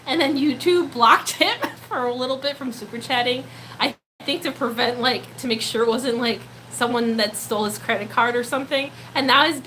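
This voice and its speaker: A young woman in her twenties chats on a live stream in a high voice that keeps breaking into laughter. Her tone is bright and a little edgy, and her voice is slightly worn. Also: slight background noise. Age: 20s. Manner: gushing, excitable, laughs often. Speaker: pet-keeping live streamer. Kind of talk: casual live stream chat, reading comments.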